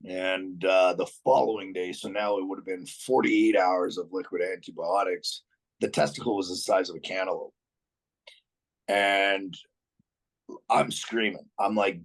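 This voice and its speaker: A man's voice: low voice, fairly even intonation, measured pace, gravelly, low-quality recording. A man being interviewed as a podcast guest, telling a story casually and bluntly, swearing freely, restarting his sentences and chuckling along the way.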